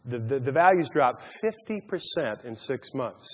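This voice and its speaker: A man's voice: mid-range voice, animated, measured pace, husky. A man teaching a Bible study sermon, telling stories and jokes, often stumbling and repeating words as he goes. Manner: stammering repeats, storytelling with a joke. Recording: long hall reverb.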